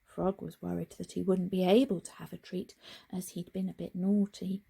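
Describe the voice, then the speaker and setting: Lady reading a kids' storybook, big gasps and whispers, mellow and a bit raspy. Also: fairly low pitch, normal speed. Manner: very expressive, with gasps and hushed whispering. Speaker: storyteller reading a picture book. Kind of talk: children's storybook read-aloud.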